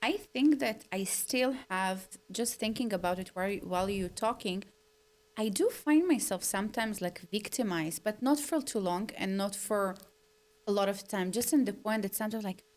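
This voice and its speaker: A woman chatting on a podcast, candid and self-deprecating, telling her stories in an animated way and acting out her own complaints. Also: mid-range voice, moderate pace. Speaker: podcast co-host. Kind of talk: casual podcast conversation.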